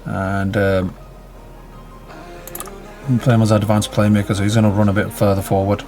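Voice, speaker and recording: A man's voice: lowish voice, flat delivery, moderate pace, a little mellow, soft background music. A man giving casual, chatty commentary on a football management game, reacting to each play and calling out his players.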